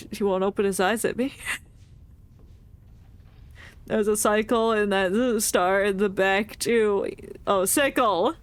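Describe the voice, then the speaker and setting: A woman's voice: medium pitch, smooth. A woman streaming a game, chatting and reacting playfully with frequent giggles. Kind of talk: casual game commentary.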